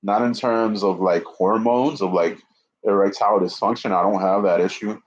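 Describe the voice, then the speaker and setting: Twenties guy swearing a lot on a livestream, lowish voice, kinda out of breath, muffled lo-fi audio. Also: steady tone, normal speed. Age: 20s. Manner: profane, repetitive, restarts often. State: slightly out of breath. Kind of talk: rambling live-stream monologue. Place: indoor room with a fan.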